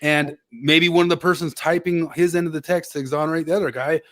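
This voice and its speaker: A man's voice: a little high, fairly even intonation, fast talker, fairly bright tone. A man hosting a casual podcast chat, rambling and hedging with lots of fillers. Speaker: podcast host.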